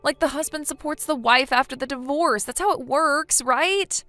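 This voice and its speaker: Tts woman doing a whiny clueless young wife, hesitant and pleading, slightly high voice. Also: moderate pace, pushed and bright, faint music behind. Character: self-pitying young wife, whiny and naive. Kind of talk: text-to-speech text story narration.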